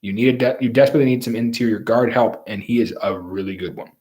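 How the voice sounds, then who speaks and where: A man talking through draft picks on his own in a rambling, opinionated way. His voice sits at an everyday middle pitch. He leans hard on his points and restarts sentences as he goes. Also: quick pace, darkish tone. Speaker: sports commentator. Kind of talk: solo football draft commentary.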